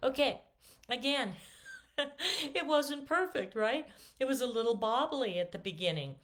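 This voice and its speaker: Middle-aged woman voice teacher, casual and chatty, voice not quite warmed up. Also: sits high, a little slow. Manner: relaxed, chatty, many fillers and restarts. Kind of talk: casual vocal lesson with sung demonstrations.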